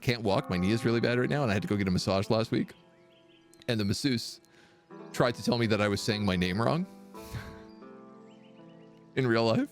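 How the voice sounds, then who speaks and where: A man giving casual, wry live commentary while he plays a strategy game, chatting and thinking aloud. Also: mid-range voice. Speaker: streamer playing a kingdom sim. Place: living in Quebec.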